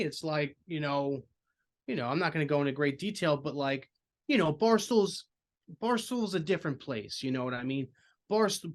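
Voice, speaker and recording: Guy guesting on a podcast, talks earnest and rambly, kinda high voice. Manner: earnest, heavy on filler phrases. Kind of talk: casual chat.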